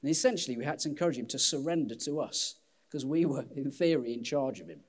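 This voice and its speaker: A man preaching a sermon as pastor, candid and self-deprecating, with an animated delivery. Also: mid-range voice, fast.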